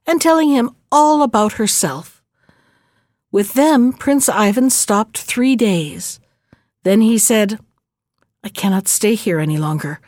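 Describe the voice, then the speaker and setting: A woman reading a fairy tale aloud in a slow, measured narrating voice. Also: a little high, a little mellow, dry recording, clean studio sound. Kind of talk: storybook reading.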